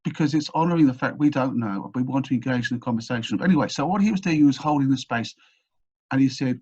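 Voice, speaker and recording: A man's voice: mid-range voice, quick pace, darkish tone, breathy edge, highs cut off. A man as an interview guest, telling a long anecdote with energy, often restarting his sentences. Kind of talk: storytelling in a podcast interview.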